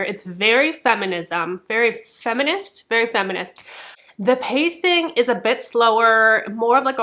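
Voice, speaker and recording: A woman's voice: medium pitch, bright, forceful tone. A young woman vlogging casual book reviews, chatty and swearing freely, her talk full of "like".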